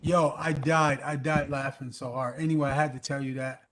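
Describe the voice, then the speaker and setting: A man's voice: mid-range voice, normal speed, a little hiss or hum. A man hosting an open mic over a video call, joking and telling stories in casual chat. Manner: joking, animated storyteller.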